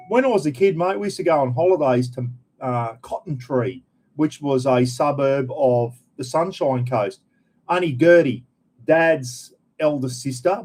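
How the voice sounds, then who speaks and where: A man's voice: medium pitch, a little mellow. A middle-aged Australian man hosting a casual live chat, rambling and friendly, calling everyone mate as he greets viewers. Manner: rambling, chatty, frequent "bloody" and "mate". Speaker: livestream host.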